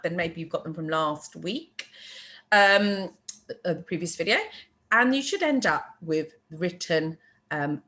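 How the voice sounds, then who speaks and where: A woman teaches an online language lesson, saying each word clearly and leaving room for learners to repeat. Her voice is bright and lively with a wide, animated pitch. She speaks slowly and patiently. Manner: slow, careful teacher modelling words for repetition. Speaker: French teacher. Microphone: screen-share narration.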